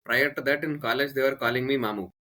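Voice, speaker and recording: A man's voice: mid-range voice, quick pace, pushed and bright. A man with an Indian English accent, a podcast guest and coach telling rambling personal anecdotes in casual conversation, with many fillers and restarts.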